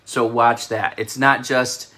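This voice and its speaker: Bright-voiced New York man, chatty and rambling. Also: medium pitch, flat delivery, takes it slowly. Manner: chatty, rambling, laughs at himself. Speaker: self-described prophetic channel host. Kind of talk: casual spoken prophecy update.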